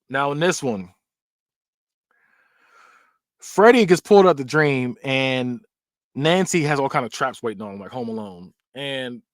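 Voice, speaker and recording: A man hosting a podcast runs through film scenes in a relaxed, filler-filled way, his medium-pitched voice captured in clean studio sound with no echo. He gets animated, acting out screams, yelps, and quoted voices.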